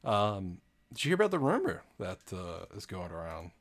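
A man's voice: low voice, huge pitch swings, moderate pace. A man co-hosting a casual podcast, teasing the others with dry jokes while bringing up news. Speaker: podcast co-host. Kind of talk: casual banter.

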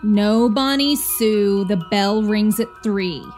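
A woman's voice: medium pitch, slow pace, a little mellow, soft background music, natural voice. A woman playing a snide, spiteful schoolteacher. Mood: scolding. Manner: snide, scolding, biting. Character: spiteful sarcastic female schoolteacher.

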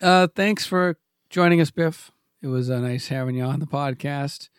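A man's voice: a little high, moderate pace, smooth, dry recording, studio quality. A man in his forties hosting a comedy podcast, rambling and self-mocking, trailing off into stammered restarts. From New England. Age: 40s. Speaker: podcast host.

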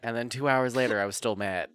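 A man's voice: medium pitch, clean tone. A young man co-hosting a podcast, chatting crudely and laughing a lot as he tells stories close to the mic. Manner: crude, giggly, animated storyteller. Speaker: podcast co-host. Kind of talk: casual podcast banter. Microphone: close studio mic.

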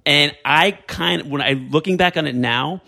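A man telling personal stories in a casual conversation, animated and laughing as he talks. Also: a little high, moderate pace, gravelly. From New York. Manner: animated storyteller, laughs mid-sentence.

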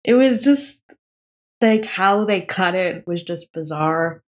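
A woman's voice: fairly low pitch, animated, slow pace. A woman co-hosting a casual film podcast, who talks in a playful, self-mocking way and giggles often. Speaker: podcast co-host.

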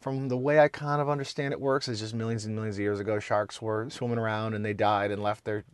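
A man's voice: fairly low pitch, level tone, smooth, dry recording. Rambling man, dry close mic. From American Midwest. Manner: rambling, halting restarts. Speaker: podcast co-host. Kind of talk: casual chat. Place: Florida.

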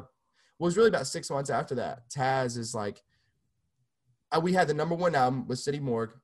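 Profane young man telling his story. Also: mid-range voice. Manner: loose and profane, many restarts. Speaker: music producer guest. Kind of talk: casual storytelling interview.

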